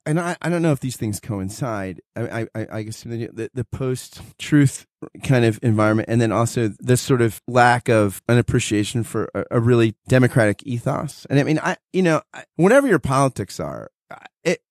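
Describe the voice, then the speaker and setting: A man hosting a conversational interview, halting and restarting often. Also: mid-range voice, expressive, dry recording, clean studio sound. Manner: halting, many restarts, laughs between thoughts.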